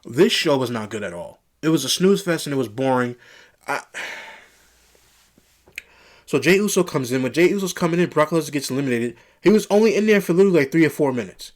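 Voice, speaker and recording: A man's voice: fairly high pitch, animated, a little fast. Exasperated man ranting about a wrestling show. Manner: exasperated, rambling, repeats himself. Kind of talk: solo review rant.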